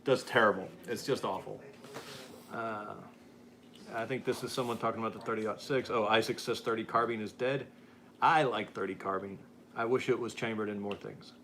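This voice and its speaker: A man's voice: lowish voice, steady tone, normal speed, fairly bright tone, slight background noise. An American man hosting a casual live-stream chat, reading viewer comments aloud and laughing often. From United States. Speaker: podcast host.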